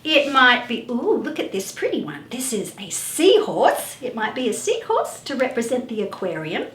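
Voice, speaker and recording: A woman's voice: on the high side, very animated, moderate pace, fairly bright tone, echoey room, a little hiss or hum. A woman hosting a children's music class, asking playful questions in a sing-song way.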